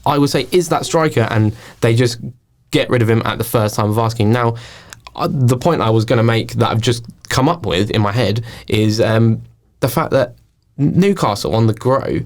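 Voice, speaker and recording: A man co-hosting a football podcast, relaxed and thinking aloud, laughing often. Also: mid-range voice, moderate pace, hardly any pauses. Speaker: podcast co-host. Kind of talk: casual football chat.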